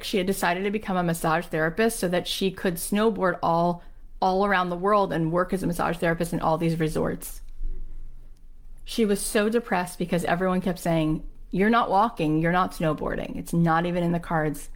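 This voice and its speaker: A woman's voice: lowish voice, steady tone, normal speed. A woman hosting a podcast, delivering a passionate motivational monologue and acting out the people in her stories. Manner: passionate storytelling with acted-out quotes; emphatic. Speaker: podcast host.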